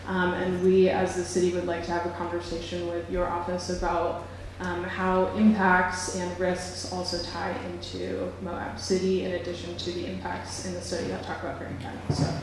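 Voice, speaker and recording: A woman council member speaks in a low, flat, measured tone, pausing on fillers. Her voice comes from a distance across a very echoey hall with faint background noise. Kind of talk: public hearing statement.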